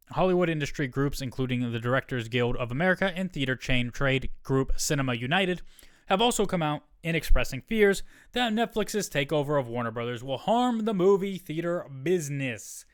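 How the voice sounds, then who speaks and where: Smooth-voiced male podcast host. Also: a little high, lively intonation, brisk, no room sound, studio quality. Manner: reads quotes aloud, drops in wry asides. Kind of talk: solo podcast reading news with asides.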